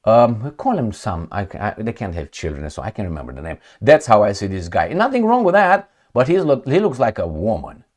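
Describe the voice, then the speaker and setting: A man gives loose, mocking political commentary straight to his viewers. His pitch swings widely as he talks, and he keeps it conversational and sarcastic. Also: very animated, brisk, hardly any pauses. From Romania.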